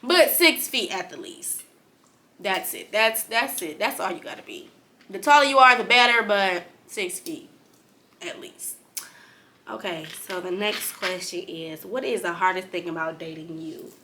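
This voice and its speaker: Casual vlog host, young woman, bright voice, rambling friendly talk. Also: medium pitch, unhurried. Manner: chatty, trails off with "like" and "you know". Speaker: YouTube host asking questions.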